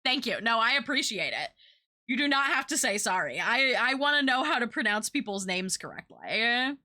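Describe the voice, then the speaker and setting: A woman's voice: a little high, lively intonation, normal speed, bright, forceful tone. A young woman streaming, chatting casually with her viewers in a rambling, talkative way and swearing now and then.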